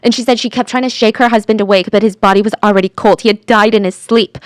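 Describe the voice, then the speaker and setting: A woman telling a true crime story in a chatty, animated way, sometimes dropping to a whisper for drama. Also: medium pitch, fast talker, no room sound, studio quality.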